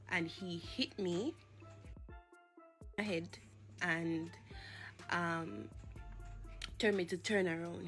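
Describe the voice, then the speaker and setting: A Jamaican woman tells a personal faith testimony in a somewhat low voice. She speaks earnestly and haltingly, with pauses and restarts. Quiet music sits faintly behind her. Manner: earnest, halting, with fillers and repeats.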